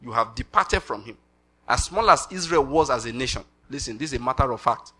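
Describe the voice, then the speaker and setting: A middle-aged Nigerian man preaching a sermon with animated delivery, slipping into pidgin asides and laughing. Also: medium pitch, brisk.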